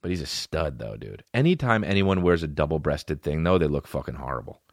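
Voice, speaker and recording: A man's voice: a bass voice, sing-song, a little fast, no room sound, studio quality. A man hosting a comedy podcast, ranting casually in a profane, rambling way and slipping into made-up dialogue. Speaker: podcast host.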